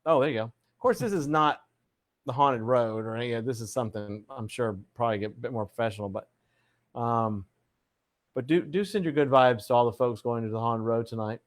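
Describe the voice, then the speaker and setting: A man's voice: medium pitch, brisk. Casual livestream host, man, playful announcer flourishes, reads chat aloud. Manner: playful showman greetings, reads viewer comments aloud. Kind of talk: casual live chat show.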